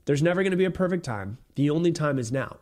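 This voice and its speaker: A man's voice: on the high side, animated, quick pace, a little mellow. A man hosting his own motivational podcast alone, talking bluntly and emphatically, repeating his points and swearing casually. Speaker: podcast host. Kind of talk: solo motivational podcast talk.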